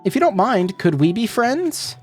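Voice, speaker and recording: A man's voice: high voice, sing-song, moderate pace, soft background music, pitched above the performer's own voice. A man voicing an earnest, polite young foreign woman traveler as he reads a visual novel aloud. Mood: hopeful. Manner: gentle, careful, overly polite.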